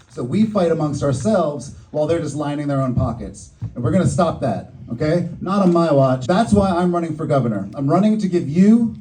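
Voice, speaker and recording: A man's voice: fairly high pitch, mellow, distant mic, a little hiss or hum, rough recording. A man from Boston giving a joking, upbeat stump speech as a political candidate at a community event. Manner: joking, upbeat campaign delivery.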